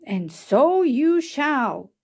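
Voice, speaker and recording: A woman voicing an enormous hairy spider fairy godmother who speaks in a slow, stately way. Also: high voice, very animated, gravelly, darkish tone, heavily acted.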